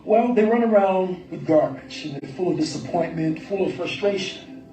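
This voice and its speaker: An actor playing a calm, friendly driver who gives easygoing, preachy life advice, heard from a clip played back in a room. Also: male voice, sits high, moderate pace, echoey room, recorded from a distance, poor audio. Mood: wise.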